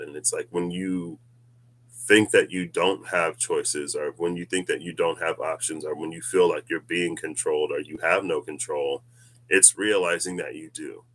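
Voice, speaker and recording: A man with a low-pitched, slightly bright voice makes a casual tarot reading vlog. He muses and rambles through spiritual ideas, laughing often.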